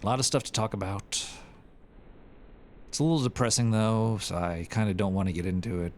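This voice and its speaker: Gravelly, rambling crude male host. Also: deep voice, a little hiss or hum. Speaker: show host. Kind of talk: casual livestream chat.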